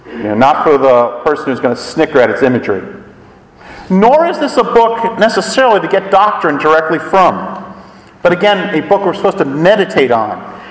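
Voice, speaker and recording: A high-voiced man preaches a sermon, his pitch swinging up and down for emphasis. He sounds a little distant from the mic. A long, roomy church echo hangs behind every phrase. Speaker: pastor. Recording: echoey hall, from far off.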